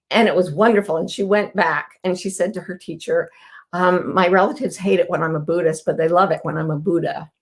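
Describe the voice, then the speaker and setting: A middle-aged woman hosting a casual live talk, telling stories earnestly and acting out quoted people. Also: mid-range voice. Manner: warm, earnest, storytelling with quoted voices. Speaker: host.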